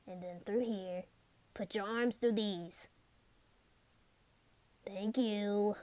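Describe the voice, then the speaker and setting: Woman, whispered role-play, soft hesitant voice, drops into whispers. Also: medium pitch, fairly even intonation, drawn-out words, no room sound. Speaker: ASMR role-play performer.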